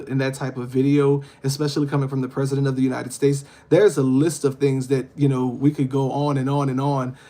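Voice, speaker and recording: A man on a casual livestream, talking earnestly and asking his viewers pointed questions. His voice is mellow and warm, and his pitch stays fairly flat and even. He sounds like a host speaking directly to his audience.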